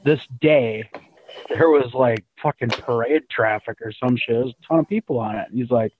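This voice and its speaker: A man in casual chat, telling profane, animated stories to his build team. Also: medium pitch, normal speed. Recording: tinny phone-like sound with faint noise.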